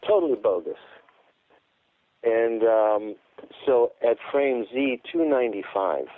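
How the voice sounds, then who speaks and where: A man's voice: mid-range voice, expressive, slow. A man as a radio guest, telling his account emphatically and repeating words for stress. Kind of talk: phone-in radio interview. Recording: tinny phone line.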